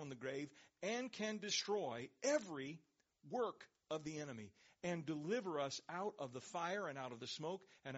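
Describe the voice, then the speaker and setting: A pastor delivering a sermon in a slightly raised voice. He leans into words for emphasis, stretches them out slowly and lets his voice sink low as each point closes. The recording sounds dull and lo-fi. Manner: emphatic preaching, slows and drops low on key words.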